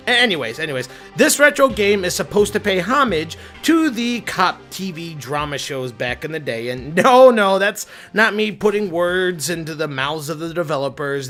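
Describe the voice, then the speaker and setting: A man's voice: a little high, sharp tone. A man giving a comedic game review as a YouTuber, sarcastic and exasperated.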